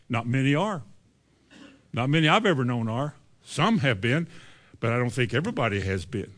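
A man, preaching a sermon with emphatic rises on key lines and quoting scripture. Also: medium pitch. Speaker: pastor.

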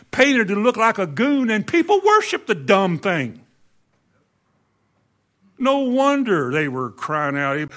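A man's voice: sits high, fairly bright tone. A man preaching a sermon, telling a Bible story animatedly and acting out the quoted lines in a raised voice.

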